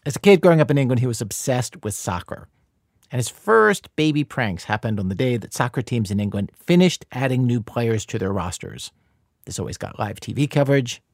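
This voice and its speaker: A man's voice: medium pitch, expressive, fairly quick, dry recording. A man hosting a public radio story program, in scripted narration with a conversational, dry delivery. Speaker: radio show host.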